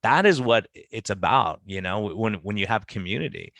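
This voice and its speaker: A man's voice: lowish voice, normal speed, no room sound. A man who works as a physician, talking casually on a podcast and acting out his patient conversations. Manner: animated, acts out patient conversations in quotes.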